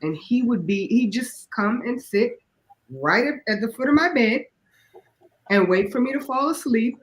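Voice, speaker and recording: A woman hosting a casual chat among old friends, speaking earnestly and slowly about personal memories, then moving on lightly. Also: on the high side, lively intonation, low-quality recording. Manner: earnest, drawn-out, then breezy.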